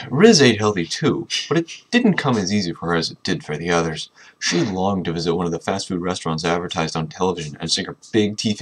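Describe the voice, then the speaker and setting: A man with a low, slightly husky voice reads a book aloud in a casual, unpolished way. He keeps stopping to poke fun at the text with dry, sarcastic remarks. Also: a bit bright. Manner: sarcastic, mocking asides. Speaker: reader commenting on a book. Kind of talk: casual dramatic reading with commentary.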